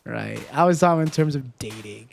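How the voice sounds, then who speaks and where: A man's voice: mid-range voice, expressive, brisk, gravelly. A man streaming a game and chatting casually with viewers, rambling and candid, swearing now and then and tagging nearly every sentence with "right?". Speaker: gaming livestreamer. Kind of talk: casual livestream chat with viewers.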